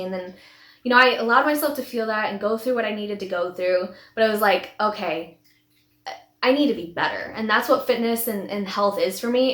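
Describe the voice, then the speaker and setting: A woman's voice: medium pitch, fairly bright tone. A woman in her thirties, a vlogger telling her personal story in a heartfelt, rambling way with many restarts. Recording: echoey room.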